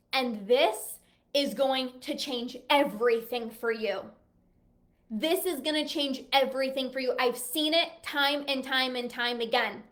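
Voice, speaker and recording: A woman's voice: high-pitched, fairly bright tone. A woman coach talking straight to her viewers, enthusiastic and emphatic, now and then acting out her clients' worried thoughts. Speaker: binge eating coach. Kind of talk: direct-to-camera pitch.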